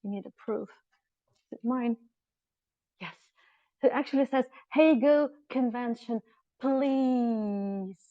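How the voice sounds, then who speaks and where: A woman's voice: a little high, normal speed, long pauses, breathy edge, no echo, dull audio. Awestruck woman guide. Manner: effusive, breathless with wonder. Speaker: tour guide. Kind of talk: live tour vlog. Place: inside a church. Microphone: handheld phone.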